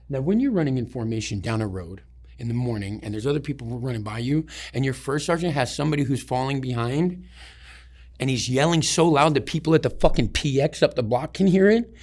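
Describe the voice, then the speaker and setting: A man's voice: medium pitch, very animated, a little fast. A man, an army veteran, telling war stories in an interview in a rambling way, swearing often and restarting his sentences. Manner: profane, rambling, many restarts. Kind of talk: casual storytelling.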